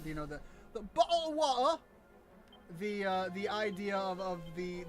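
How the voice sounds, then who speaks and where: American male streamer, fairly high voice, loose self-mocking commentary over soft game music. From United States. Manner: rambling, joking, self-mocking. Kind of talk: casual gameplay commentary.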